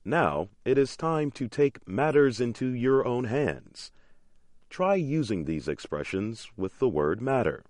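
A man hosting an English-learning program, reading a scripted lesson with clear, measured enunciation. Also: mid-range voice, very animated, a little mellow, dry recording, studio quality. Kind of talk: scripted teaching narration.

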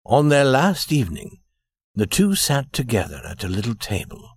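A man narrating a story with a measured, expressive delivery. His voice is slightly husky, and his intonation rises and falls freely. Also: medium pitch, dry recording, clean studio sound.

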